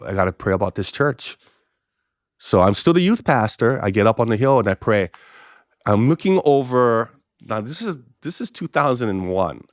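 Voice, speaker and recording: A middle-aged man from the Big Island of Hawaii, a pastor telling stories as a podcast guest, acting out conversations with big jumps in pitch. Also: dry recording, studio quality. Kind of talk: casual storytelling interview.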